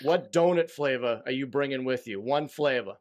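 A man's voice: mid-range voice, moderate pace. A man hosting a casual interview, joking and playful with his guest. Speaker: host.

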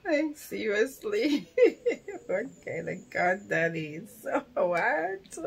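A woman's voice: mid-range voice, sing-song, very slow, creaky. A woman hosting a reaction video, making amused remarks through laughter. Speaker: reaction channel host. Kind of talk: reaction commentary.

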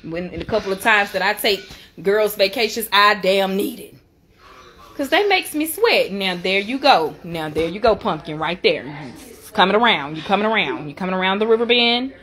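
Sassy, bright-voiced mother chatting. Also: mid-range voice, fairly quick. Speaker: mother and vlogger. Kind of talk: casual family vlog chat.

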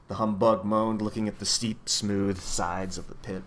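A man reading a children's novel aloud with expressive storytelling. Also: lowish voice, normal speed, hardly any pauses. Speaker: reader.

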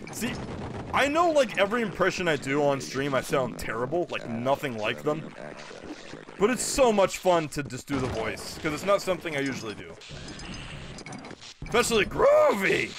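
Lively, excitable male game streamer. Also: fairly high pitch, background noise. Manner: excitable, laughs often, bursts into goofy voice impressions. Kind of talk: casual live-stream chat.

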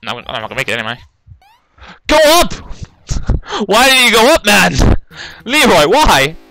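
Excitable young man rambling over gameplay. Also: mid-range voice, no echo, poor audio. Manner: rambling, excitable, frequent loud outbursts. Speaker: gaming commentator. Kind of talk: casual let's-play commentary. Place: bedroom, kneeling at a laptop on the bed. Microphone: laptop mic.

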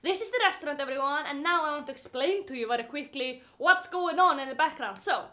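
A young woman with an Icelandic accent, vlogging indoors and chatting excitedly, giggling and baby-talking to her pets. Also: high voice, quick pace. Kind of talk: casual vlog narration. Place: indoors at her mother's house.

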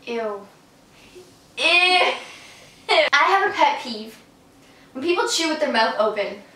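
A woman's voice: sits high, expressive, slow, pushed and bright, recorded from a distance. A young woman chatting casually with a friend, giggling and often trailing off mid-sentence. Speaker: co-host friend. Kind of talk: casual chat. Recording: echoey room, off-mic.

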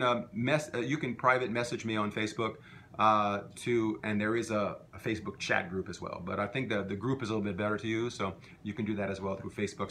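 A man from talks through a casual language lesson in a fairly low voice. He rambles and restarts often, with plenty of ums and uhs. His is easy to hear. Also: a little hiss or hum. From Louisiana. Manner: relaxed, rambling, many fillers and restarts. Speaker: French language teacher.

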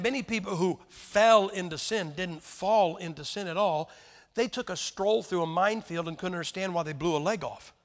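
A man in his sixties preaching a folksy sermon, joking and firing rhetorical questions at the congregation. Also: sits high. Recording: long hall reverb.

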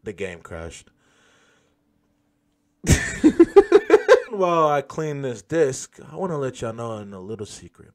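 A man hosting a gaming channel, chatting casually and yelling profanely at the game as he plays. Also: mid-range voice, very animated, slow, long pauses. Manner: loose, profane, laughs and yells at the game. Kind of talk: casual gameplay commentary.

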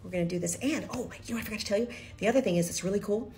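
A woman's voice: mid-range voice, racing, darkish tone, soft background music. Nervous, confiding woman from Kentucky. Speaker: vlogger. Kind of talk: personal video diary.

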